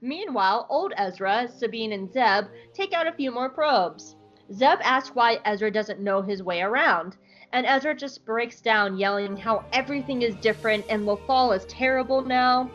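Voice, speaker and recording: Woman podcast host, fairly high voice, profane recap, dull lo-fi audio, faint music. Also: expressive, normal speed, fairly bright tone. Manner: blunt, profane, sarcastic. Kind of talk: casual chat and episode recap.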